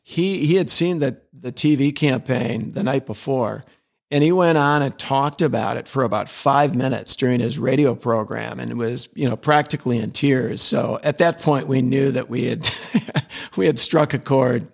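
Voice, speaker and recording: A man's voice: medium pitch, moderate pace, vocal fry. A middle-aged man, a guest in an interview, talking enthusiastically and repeating words as he restarts his sentences. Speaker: interview guest, advertising executive. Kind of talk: conversational interview.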